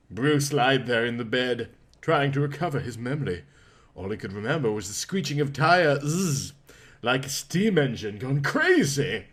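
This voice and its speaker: Slow, lively male story reader. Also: medium pitch. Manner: lively, expressive narration. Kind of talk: pulp fiction reading.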